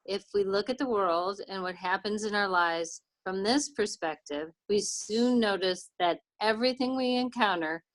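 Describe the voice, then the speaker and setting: A woman's voice: medium pitch, normal speed, hardly any pauses. Woman, course participant, reading aloud, attentive. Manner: attentive, brief acknowledgements.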